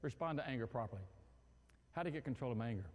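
A male pastor preaching a sermon in an animated, humorous way, acting out everyday scenes. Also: medium pitch, racing, long reverb tail. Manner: animated, acts out quarrels and phone calls with humor.

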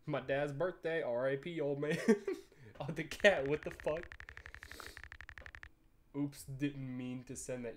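A young gaming YouTuber with a mid-range voice talks unhurriedly, leaving long pauses, over slight background noise. In casual let's play commentary on a texting game, he rambles and jokes, swearing and laughing frequently.

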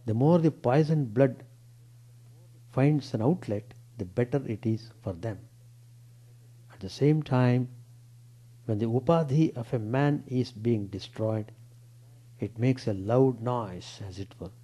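A monk reading a scriptural account aloud in a temple lecture, measured, with rises on quoted words and a low drop on narration. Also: male voice, mellow, breathy edge, rough recording. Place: temple hall.

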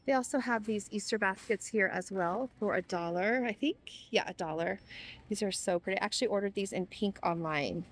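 A woman's voice: medium pitch, fairly quick. Gushing young woman shopping vlogger. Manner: gushing, gasping with delight. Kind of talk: store walk-through vlog. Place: inside a large retail store.

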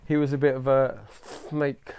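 A man's voice: medium pitch, slight background noise. A man talking loosely as an interview guest about making electronic music, laughing often and imitating sounds with his mouth. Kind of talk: casual interview chat.

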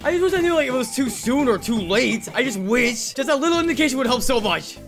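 A woman giving casual gameplay commentary, self-mocking and animated, swinging between groans and cheers. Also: high voice, fast, soft background music. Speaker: gaming YouTuber.

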